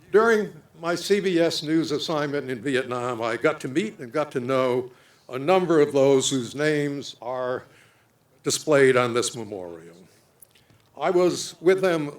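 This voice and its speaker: Slow, solemn older man giving a memorial speech. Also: medium pitch. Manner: slow, solemn storytelling with deliberate pauses. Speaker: speaker at a memorial dedication. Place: outdoor memorial dedication.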